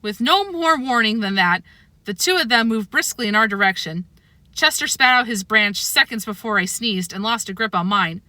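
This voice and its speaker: Woman storybook reader, bright and animated. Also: on the high side, normal speed, no echo. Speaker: narrator. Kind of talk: children's book read-aloud.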